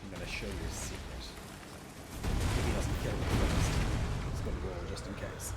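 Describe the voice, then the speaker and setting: Man chatting over his gameplay, low voice. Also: little pitch movement, measured pace, long pauses. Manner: chatty, muttering to himself, sarcastic asides. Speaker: streamer. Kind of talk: casual gameplay commentary. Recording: stream audio with background noise.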